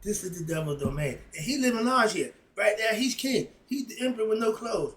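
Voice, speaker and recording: A man's voice: high-pitched, lively intonation, brisk, a bit bright, rough recording. A man giving a solo opinion monologue as a philosophy commentator, ranting in a heated, sarcastic and rambling way with lots of repetition.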